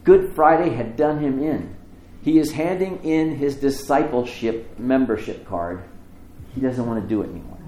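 A man's voice: mid-range voice, moderate pace. Guy preaching a sermon, acts out the dialogue, echoey church with a little hum behind. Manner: animated storytelling, acts out dialogue. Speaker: pastor.

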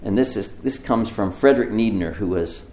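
A male pastor preaching a sermon, telling the story with animated voices for the people in it. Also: fairly low pitch, normal speed, roomy sound, a little hiss or hum. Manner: animated storytelling, acts out dialogue.

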